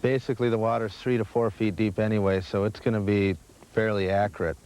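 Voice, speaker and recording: Low-voiced, matter-of-fact fishing guide. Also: male voice, little pitch movement, brisk, a little mellow. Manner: plain, matter-of-fact explaining. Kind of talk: casual on-the-water fishing chat. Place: outdoors on a boat on a lake. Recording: 1980s VHS field audio with light noise.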